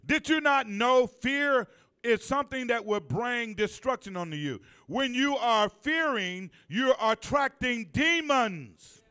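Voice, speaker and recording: This pastor's voice is very high-pitched and expressive, pushed and bright, clear and resonant. Preaching in a church sanctuary, he calls out for the congregation's response and stretches key phrases for emphasis.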